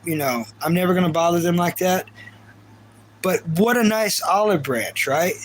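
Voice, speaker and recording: A man's voice: high-pitched, normal speed, poor audio. A man with a Kentucky accent chatting casually on a live stream, rambling earnestly and reading viewer comments aloud. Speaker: livestreamer.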